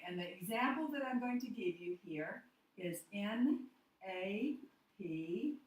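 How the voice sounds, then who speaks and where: A woman teaches a phonics lesson in a deliberate, step-by-step way, spelling words out one letter at a time. Her voice sits a little low and moves at a very slow pace. She is recorded from a distance in a strongly echoing room. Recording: echoey room, voice from far off the mic.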